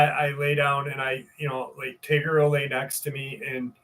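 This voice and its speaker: A man's voice: a little high, fairly bright tone, distant mic. A man hosting a live stream, rambling casually, swearing freely and greeting viewers in the chat. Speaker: livestream host.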